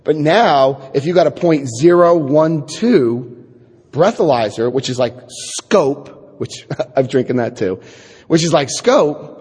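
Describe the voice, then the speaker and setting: A middle-aged man giving a personal testimony talk to an audience, an animated storyteller who acts out quotes and adds wry asides. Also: a little high, slow pace, husky. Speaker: speaker telling his recovery story. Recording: echoey hall.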